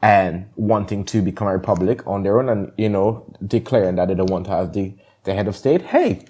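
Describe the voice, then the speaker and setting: A man co-hosting a casual podcast, animated and affirming, laughing easily. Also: low-pitched, fairly quick. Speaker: podcast co-host.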